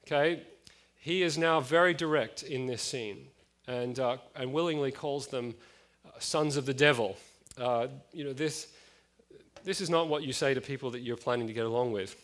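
Late-thirties male preacher, relaxed conversational delivery, pitched a bit high. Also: moderate pace. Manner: casual, chatty, with frequent fillers and asides. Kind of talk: conversational sermon.

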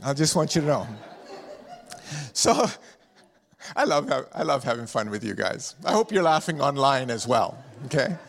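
A middle-aged man, a pastor and district superintendent, preaches a sermon to a live congregation in a church hall, chatty and jokey, telling stories and putting questions to the room. His gravelly voice sits at medium pitch with big swings, moving at a moderate pace with long pauses. Long hall reverb colors the recording.

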